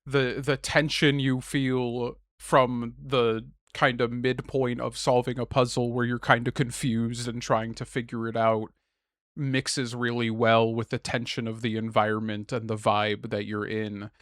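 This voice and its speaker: A young man co-hosting a podcast in casual chat, ranting with lots of swearing and bursting into loud, exasperated shouts. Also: medium pitch, flat delivery, a little slow, dry recording, clean studio sound. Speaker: podcast co-host.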